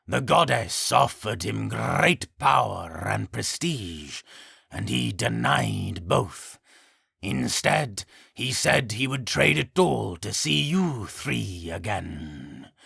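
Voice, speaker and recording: A man's voice: fairly low pitch, expressive, extremely slow, vocal fry, pushed and bright, breathy edge, no room sound, clean studio sound, full character voice. A man voicing an ancient male harpygriff guardian who speaks in a formal, archaic way. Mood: solemn. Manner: formal, archaic, stately speech.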